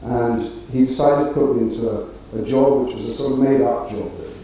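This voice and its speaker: A man's voice: mid-range voice, steady tone, a little fast, mellow, a little hiss or hum. A middle-aged man giving a graduation speech with dry, self-deprecating humor and hesitant fillers. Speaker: graduation speaker. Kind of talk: ceremonial speech. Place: large auditorium. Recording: roomy hall, distant mic, faint ambience.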